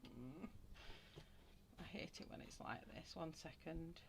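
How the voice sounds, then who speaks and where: A woman from Wigan with a low, everyday voice and a broad northern English accent. She chats casually and rambles while colouring on a live stream, greeting viewers by name between thoughts. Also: slow pace, creaky, slightly rough. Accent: Wigan, Lancashire. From England. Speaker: colouring channel host.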